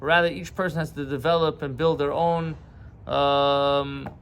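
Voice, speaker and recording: A man with a fairly high voice gives a short morning sermon as a rabbi. He explains patiently and retells a parable in plain words, walking his listeners through each step of the story. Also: little pitch movement, measured pace, fairly bright tone, slight background noise.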